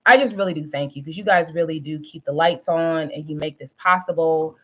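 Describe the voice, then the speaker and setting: A woman's voice: sits low, fairly quick, a bit bright, muffled recording. A woman hosting a live stream, chatting casually with viewers in a rambling way, with lots of fillers and frequent laughs. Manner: laughs often while talking.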